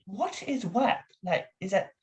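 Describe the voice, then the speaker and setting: A man's voice: high-pitched, very animated, a little slow, pitched above the performer's own voice. A man voicing a prim, overly polite older male doctor with a London English accent.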